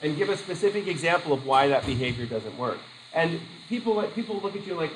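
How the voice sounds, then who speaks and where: A man's voice: a little high, lively intonation, fairly quick, a little hiss or hum, rough recording. A male teacher giving a casual classroom lecture, acting out quoted voices and laughing easily.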